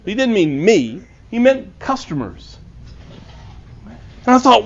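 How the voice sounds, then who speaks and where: A man's voice: high voice, big pitch swings, slow pace, pauses often. A man, an author, giving a storytelling talk to a club, earnest and acting out the dialogue. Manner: earnest, acts out quoted dialogue. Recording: dull lo-fi recording.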